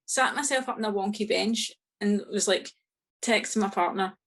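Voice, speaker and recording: This woman speaks with a Scottish accent in a mid-range voice at normal speed. She is an author guesting on a podcast, lively in her casual storytelling, laughing often and performing the quoted conversations she recounts.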